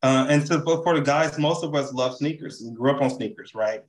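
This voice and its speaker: A man speaks with animated enthusiasm as an interview guest, often ending thoughts with a quick "right?". His voice sits in the middle of the male range. The remote call audio sounds roomy and reverberant. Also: medium pitch. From Chicago. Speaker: charity CEO and co-founder, guest. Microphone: video call.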